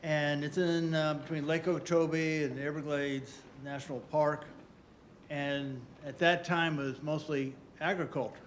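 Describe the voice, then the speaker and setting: A man's voice: on the high side, steady tone, moderate pace, slight background noise. Folksy older man from Florida. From Southwest Florida. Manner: folksy, storytelling, repeats for emphasis. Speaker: conference speaker. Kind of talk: conference talk.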